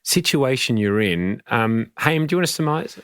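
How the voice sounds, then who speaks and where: A man's voice: mid-range voice, expressive, moderate pace, a bit bright, dry recording, studio quality. An Australian man co-hosting a comedy podcast, talking in a playful, bantering way and often laughing. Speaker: podcast co-host. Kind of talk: casual comedy chat.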